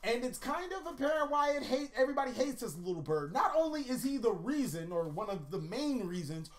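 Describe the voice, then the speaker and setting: A woman's voice: a little high, sing-song, brisk. A woman hosting a card-game countdown video, talking in a casual, profane way and telling rambling joke anecdotes. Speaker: YouTube card-game host. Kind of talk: casual comedic countdown commentary.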